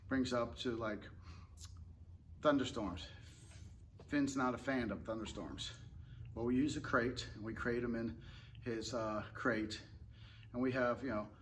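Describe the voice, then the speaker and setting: A man who trains dogs, talking in a relaxed, rambling way and explaining tips casually with fillers and restarts. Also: medium pitch, a little slow, long pauses, slight background noise. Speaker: dog trainer. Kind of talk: casual instructional talk.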